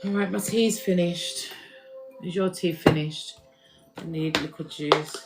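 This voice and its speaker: A woman's voice: fairly low pitch, steady tone, measured pace, loud music behind the voice. A woman giving a casual spiritual reading to her viewers, chatty and laughing, sometimes swearing and slipping into slang. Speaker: spiritual reader.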